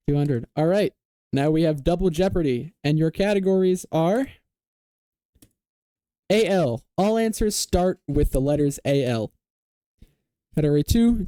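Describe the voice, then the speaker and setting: A man hosting a casual online quiz game, reading clues aloud and confirming answers with a quick "yes, sir". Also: fairly high pitch, mellow, clean tone, no room sound. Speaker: quiz show host.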